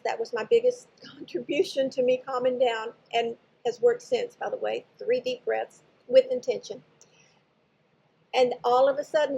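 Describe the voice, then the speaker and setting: A woman's voice: fairly high pitch, gravelly, warm tone, breathy edge, lo-fi sound. An older woman casually telling a personal spiritual story, rambling and often correcting herself as she goes. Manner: rambling, digressive, self-correcting. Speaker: spiritual channel host.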